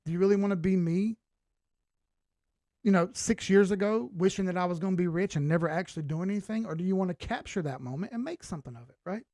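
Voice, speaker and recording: A man's voice: high voice, fast talker, dark tone, no echo, clean studio sound. A man in his late thirties hosting a casual crypto livestream, talking laid-back and straight to his viewers and swearing casually. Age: 30s. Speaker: crypto chart analyst and livestream host.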